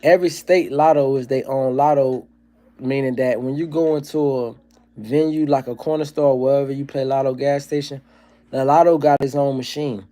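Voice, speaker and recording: A man's voice: mid-range voice, steady tone, normal speed, dark tone. Profane, ranting man on a livestream. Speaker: livestream host. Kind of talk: casual livestream chat and comedy.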